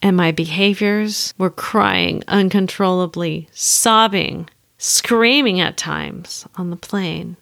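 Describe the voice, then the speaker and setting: A woman's voice: fairly low pitch, slow pace, vocal fry, fairly bright tone, dry recording, clean studio sound. A woman counselor telling a candid personal story and reflecting on what she could have done differently.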